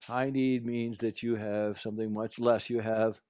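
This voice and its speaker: A man's voice: on the low side, level tone, measured pace, smooth, dry recording, clean studio sound. A man giving an earnest, anecdotal talk about negotiation, telling a personal story to make his point. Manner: earnest storyteller, drops to a quiet voice for quotes. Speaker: speaker sharing life lessons.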